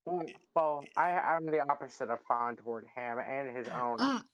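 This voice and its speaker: A man's voice: medium pitch, moderate pace, muffled recording, over a noisy crowd, close to an everyday voice. A man voicing a grumpy cartoon squid turned angry race car driver, using a nasal put-on voice in improv comedy.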